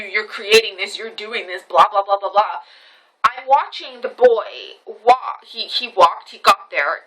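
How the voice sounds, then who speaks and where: A woman with a fairly high, bright and forceful voice tells a story straight into her camera phone. She rushes and circles back, repeating herself and cursing as she retells what happened, in a casual, unscripted vlog manner. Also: low-quality recording. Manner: animated retelling with many restarts and repetitions, swearing. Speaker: vlogger.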